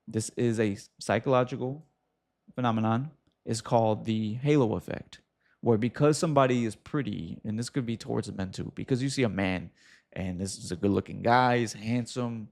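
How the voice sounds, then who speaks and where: A man hosting a casual advice talk, speaking straight to the viewer with quick asides and acted-out examples. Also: mid-range voice, a little mellow. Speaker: host.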